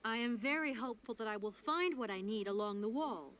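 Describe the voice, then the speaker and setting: A woman's voice: on the high side, animated, a little fast, a crowd in the background, natural voice. A woman voicing a composed American lawyer in a video game, explaining patiently. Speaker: game character.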